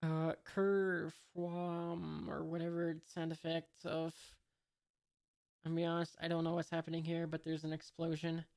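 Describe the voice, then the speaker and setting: A woman's voice: sits low, monotone, moderate pace, a little mellow. A woman casually reading a comic aloud, hesitant with many fillers and unsure asides. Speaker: comic reader.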